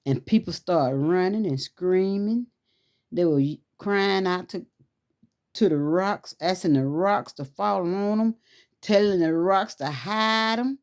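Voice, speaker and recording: A woman's voice: fairly low pitch, slow, darkish tone. A woman telling a fervent religious testimony, pleading and rising into cries as she recounts a dream. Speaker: testimony speaker.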